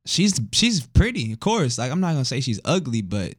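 A man co-hosting a casual podcast, talking in relaxed slang and laughing often. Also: medium pitch, moderate pace, no room sound, clean studio sound. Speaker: podcast co-host.

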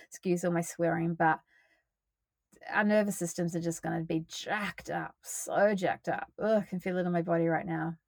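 A woman hosts her own podcast in a loose, expressive solo monologue and swears without apology. Her voice has a gravelly fry on it, and it sits at a middling pitch. The sound is dry and close. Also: no echo. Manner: expressive, swears freely, breathy sighs and laughs. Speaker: podcast host.

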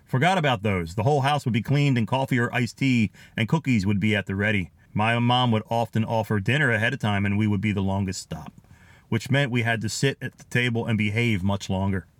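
A middle-aged podcast host from the Philadelphia area, USA, speaks with a Philadelphia accent in a lowish, fairly quick voice. He reads out listener comments in a chatty, nostalgic manner, chuckling often, on a dry recording.

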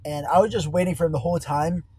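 A man's voice: fairly high pitch, quick pace, darkish tone, breathy edge, no echo, poor audio. Profane young man ranting from his car. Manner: profane, exasperated, rambling. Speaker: fast-food worker. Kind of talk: profane storytime rant. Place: car on a highway. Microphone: phone. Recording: faint road noise in a car. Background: vehicle noise.

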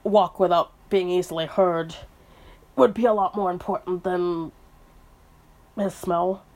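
A woman's voice: on the low side, fairly even intonation, unhurried, darkish tone. Woman co-host, casual book chat, conversational, hedging with fillers. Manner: chatty, hedging with um and uh.

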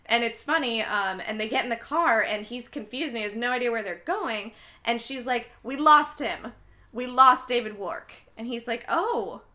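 A young woman chats casually as a podcast host, walking through a film's plot scene by scene. Her voice is bright and a little high. She acts out each character's lines, jumping up in pitch for them. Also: animated, moderate pace. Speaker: podcast host recapping a film. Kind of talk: casual chat, animated retelling.

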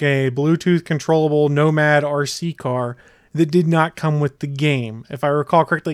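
A man with a slightly high voice hosts a casual podcast, rattling off details with eager enthusiasm. The recording is close and dry. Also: no room sound. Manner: enthusiastic, fast rundowns. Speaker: podcast host. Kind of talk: casual chat.

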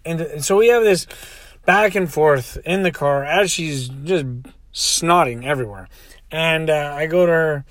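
A man's voice: on the high side, a little slow, no echo. A man telling a rambling story in a casual way, acting out the quotes.

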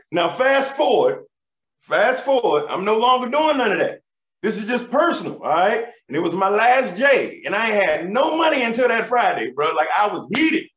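A man in his thirties doing stand-up comedy, telling animated, profane stories in street slang. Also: high voice. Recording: roomy, slightly dull live recording.

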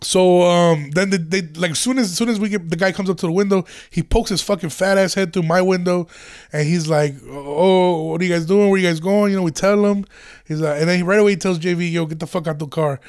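A man's voice: high voice, fairly even intonation, fairly quick, clear, resonant tone. A young man, a comedian, casually telling a long story with lots of profanity, rambling restarts and quoted voices. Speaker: stand-up comedian.

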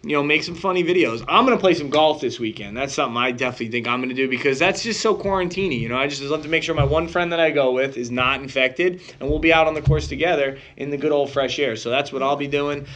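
A man's voice: on the high side, fast talker, hardly any pauses, a bit bright. A man co-hosting a podcast, joking and rambling with plenty of swearing. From United States. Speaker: podcast co-host. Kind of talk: casual chat.

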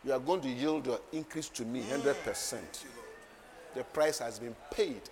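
A man preaching a sermon, moving from quiet asides to loud, laughing declarations. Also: medium pitch, a little slow, crowd noise. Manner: emphatic, swings from soft asides to loud declarations, laughs often. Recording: long hall reverb, faint ambient noise.

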